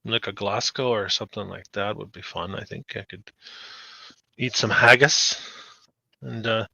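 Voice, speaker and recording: A man's voice: lowish voice, steady tone, measured pace, creaky, sharp tone, no echo. A man co-hosting a show, chatting in a laid-back, agreeable way. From Western Canada. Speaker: podcast co-host. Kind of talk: casual chat. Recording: dull, dry lo-fi mic.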